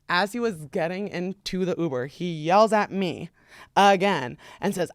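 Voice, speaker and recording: A young woman from the New York tri-state area hosting a podcast, telling a story with dramatic, loud quoted lines and a steady stream of "like". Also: lowish voice, normal speed, dry recording, clean studio sound. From US tri-state area around New York. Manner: dramatic retelling with loud acted-out quotes, frequent "like". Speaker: podcast host. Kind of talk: casual chat, animated storytelling.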